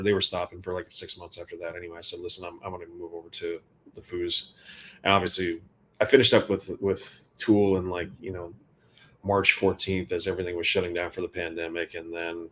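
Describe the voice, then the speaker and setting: A man's voice: low-pitched, a bit bright, slight background noise. A man telling casual backstage anecdotes in an interview, rambling and quoting conversations. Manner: rambling anecdotes with quoted dialogue and laughs. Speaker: guitar tech guest.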